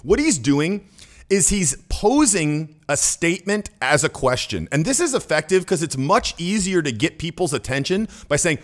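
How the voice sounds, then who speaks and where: A man's voice: on the high side, sing-song, normal speed. Casual analytical man breaking down clips. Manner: analytical, casual, laughs often. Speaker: social skills coach and channel host. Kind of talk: video commentary breakdown.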